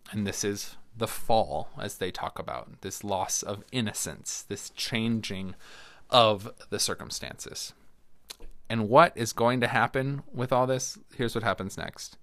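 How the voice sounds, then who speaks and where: A middle-aged Lutheran pastor leads a Bible study conversationally, reading scripture aloud in a fairly low, slightly bright voice at a somewhat slow pace. He restarts sentences, uses fillers, and acts out the voices of those he quotes, all on a dry recording.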